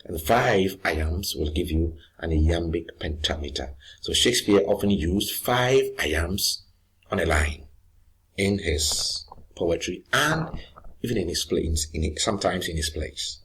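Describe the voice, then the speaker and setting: Male teacher, deep voice, very husky, slow patient explaining. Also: lively intonation, a bit bright. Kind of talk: recorded lesson.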